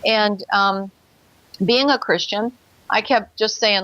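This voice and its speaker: A woman's voice: medium pitch, unhurried, dry recording, highs cut off. A woman telling her own experience as a guest in an interview, earnest, acting out her past thoughts. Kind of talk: personal account in an interview.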